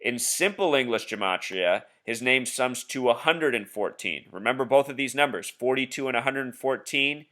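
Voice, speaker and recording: A man's voice: mid-range voice, expressive, moderate pace, few pauses, pushed and bright. A man talking casually over a screen share, insistently explaining his theories and addressing the viewer directly. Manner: insistent, conspiratorial; addresses viewer as "Truth Seeker". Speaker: video blogger.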